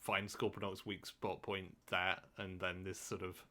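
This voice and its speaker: A man's voice: low-pitched, flat delivery, a little slow, bright, forceful tone. A man co-hosting a casual podcast who often restarts his sentences and fills them with "like". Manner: stammering restarts, frequent "like". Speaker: podcast co-host.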